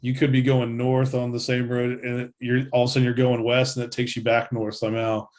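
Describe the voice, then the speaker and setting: A man guesting on a casual interview, relaxed and rambling, with lots of "like" and restarts. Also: mid-range voice, brisk.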